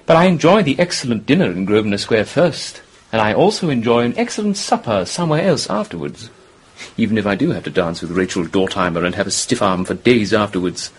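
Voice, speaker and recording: An actor playing a charming, flippant young English gentleman who talks in a breezy, theatrical, mocking way. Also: on the low side, animated, brisk, husky. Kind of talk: radio drama acting.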